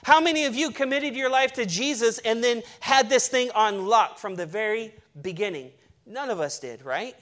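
Male pastor, high voice, emphatic preaching, playful asides, church sermon. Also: animated, normal speed, a bit bright.

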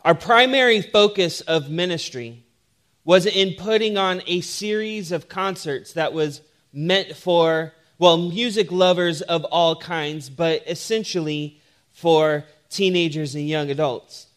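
A pastor with a fairly high, slow-paced voice preaches a sermon that starts with a funny personal story before shifting into teaching. He tells it with humor and grows animated as he delivers the joke.

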